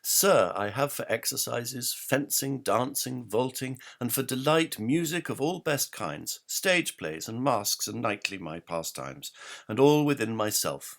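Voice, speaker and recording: A man's voice: medium pitch, creaky, fairly bright tone, pitched above the performer's own voice. A man voicing a boastful, extravagant lord from an old play, declaiming his lines proudly. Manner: proud, declaiming period verse.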